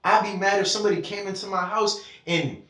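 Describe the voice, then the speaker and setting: Animated, emotional man in an echoey room. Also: high voice, fast. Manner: emotional and animated, swears freely, talks in spurts. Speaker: podcast conversation participant. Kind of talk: casual conversation. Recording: echoey room, mic at a distance.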